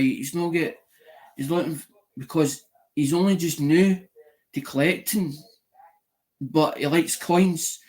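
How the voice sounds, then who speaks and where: Man telling a rambling, higher-pitched story. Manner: rambling, with frequent restarts and casual swearing; retells conversations by quoting them. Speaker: channel host doing a live mail call. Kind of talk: casual live-stream storytelling.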